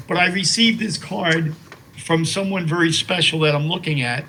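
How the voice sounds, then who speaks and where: Older man, slightly high voice, halting. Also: steady tone, bright, forceful tone, slight background noise, low-quality recording. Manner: halting, with many fillers and restarts; slow and reverent while reading a poem aloud. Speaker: interview guest. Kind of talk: emotional personal remembrance.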